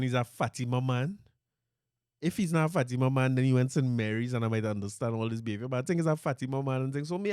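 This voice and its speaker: A man's voice: mid-range voice, darkish tone, dry recording. A middle-aged man with a Trinidadian accent, hosting a podcast in a studio, telling rambling stories and laughing often. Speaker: podcast host. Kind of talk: casual comedic monologue.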